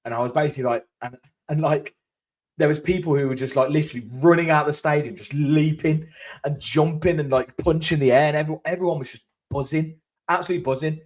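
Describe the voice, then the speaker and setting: A man co-hosting a football fan chat, telling stories in an animated way. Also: on the high side, fast talker. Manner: animated storytelling, restarts, laughs often. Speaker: football fan channel co-host. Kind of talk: casual chat.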